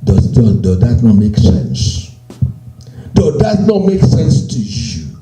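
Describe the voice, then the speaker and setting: A man preaching a sermon, slow and emphatic, repeating phrases and quoting scripture. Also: mid-range voice, big pitch swings, dark tone, echoey room, rough recording. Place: church.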